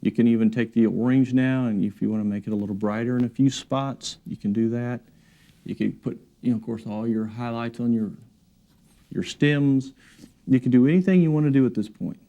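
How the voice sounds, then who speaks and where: Man painting instructor, mellow warm tone, easygoing and encouraging, studio demo. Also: mid-range voice, a little fast, muffled recording. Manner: relaxed, encouraging, talks while working. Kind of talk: painting demonstration. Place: art studio.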